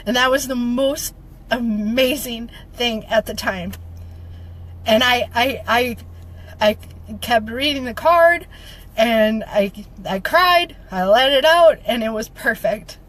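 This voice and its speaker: Woman vlogger, slightly high voice, emotional and rallying, repeats her lines for emphasis, close to tears. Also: slow, fairly bright tone, poor audio. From Minnesota. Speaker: motivational vlogger. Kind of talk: heartfelt direct-to-camera update.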